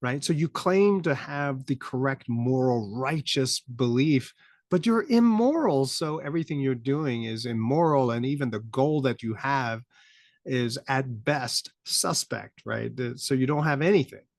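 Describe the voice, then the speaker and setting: A middle-aged man hosts a podcast in casual commentary, his voice sitting at a mid pitch. The recording is close and dry, with no room around it. He rambles, laughs in disbelief and climbs to incredulous peaks. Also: a little slow, dry recording. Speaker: podcast host.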